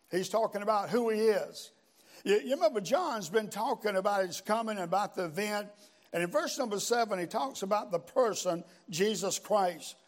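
An older man preaching a sermon, telling his story in a folksy way with frequent amens and pauses. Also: sits high. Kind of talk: sermon with personal testimony.

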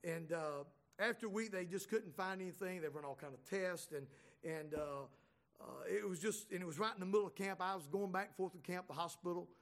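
A middle-aged man spins a humorous anecdote for an audience. His voice sits high, and his delivery is folksy and chatty, full of false starts and repeated words. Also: fairly quick, fairly bright tone. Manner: folksy, chatty, with many restarts. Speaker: speaker.

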